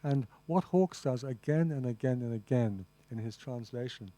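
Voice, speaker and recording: A man's voice: mid-range voice, normal speed, warm tone, dry recording. A man lecturing at a master class on translation, enthusiastic and rambling, with many asides to the audience and "you see.". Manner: frequent restarts and "you see". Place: lecture room.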